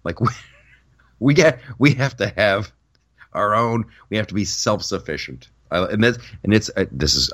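A stand-up comedian hosting his podcast rambles through a casual, comedic rant, short on sleep, repeating words and restarting often. His voice is fairly low and fairly bright, with lively intonation at normal speed.

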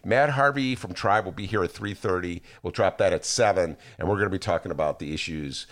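A man hosting a podcast, talking in a sarcastic, animated way and mocking people with put-on voices. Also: deep voice, brisk. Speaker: podcast host. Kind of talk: casual political chat.

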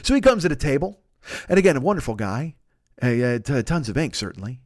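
A man's voice: mid-range voice, fast, dry recording, studio quality. A man telling a long comic story, swearing freely and acting out every voice in the exchange. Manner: animated, swearing, acts out both sides of the dialogue. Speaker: podcast host.

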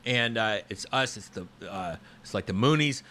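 Rambling bright-voiced man in his fifties. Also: fairly low pitch, animated, moderate pace. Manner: rambling, storytelling with many fillers and restarts. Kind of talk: casual podcast conversation.

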